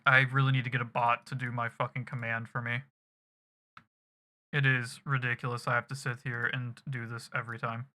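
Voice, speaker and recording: A man's voice: mid-range voice, level tone, a little fast, sharp tone. A man streaming a game, rambling casually and swearing freely as he wraps up his stream. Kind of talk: casual end-of-stream chat. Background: music playing in the background.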